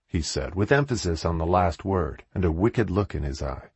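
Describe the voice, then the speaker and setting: A man narrates an audiobook in a low, husky voice, reading in a measured way with a lively delivery that rises and falls. The recording is dry and close, with no room sound.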